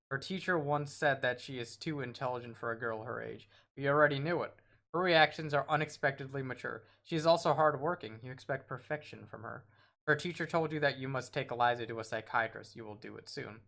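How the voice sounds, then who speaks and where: A man's voice: mid-range voice, vocal fry, fairly bright tone. A man streaming a horror game, reading its text aloud and dropping wry asides, sometimes tripping over his words.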